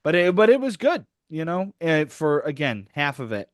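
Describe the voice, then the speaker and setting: A man's voice: a little high, very animated, normal speed, dry recording, clean studio sound. A man co-hosting a casual podcast, rambling and laughing at himself as he talks about a beer. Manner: rambling, self-mocking, laughs often. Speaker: podcast co-host. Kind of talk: casual chat.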